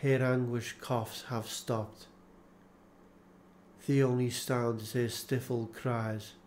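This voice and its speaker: A man reading an audiobook aloud, unhurried and deliberate, with a solemn, measured delivery. His pitch sits in a middle register, and a faint hiss lies under the voice. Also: level tone, darkish tone. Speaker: audiobook narrator. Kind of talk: scripted audiobook narration.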